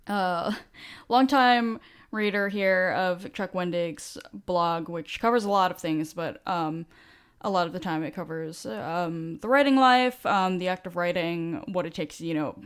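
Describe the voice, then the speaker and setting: A woman's voice: fairly low pitch, a little slow, clean tone. A woman co-hosting a podcast, chatting casually with lots of ums and easy laughter. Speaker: podcast co-host. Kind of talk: casual chat.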